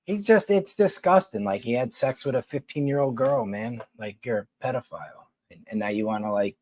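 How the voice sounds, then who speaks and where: A man's voice: medium pitch, lively intonation, fairly quick, darkish tone, no room sound. A man from New York City with a Philadelphia accent, chatting casually with viewers on a livestream in a blunt, rambling, profane way.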